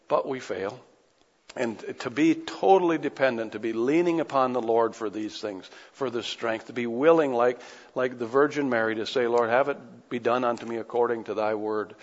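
A man preaching an earnest sermon, moving between quiet reflection and pressing intensity. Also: medium pitch. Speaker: pastor. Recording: dull audio with long hall reverb.

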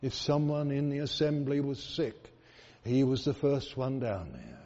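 A middle-aged man from England preaches slowly and earnestly, telling stories and pressing his points home by repeating them. His voice is mellow and unhurried. The recording is dull, with a long hall reverb behind him. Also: mid-range voice, lively intonation. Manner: earnest, repeats phrases for emphasis, tells stories. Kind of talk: sermon.

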